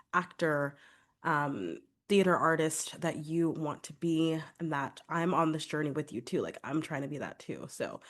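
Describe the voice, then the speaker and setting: A young woman hosting her singing podcast, chatty and upbeat, a little congested from a cold. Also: low voice. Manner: chatty, upbeat, many filler "like"s. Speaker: podcast host and vocal coach. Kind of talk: casual solo podcast talk.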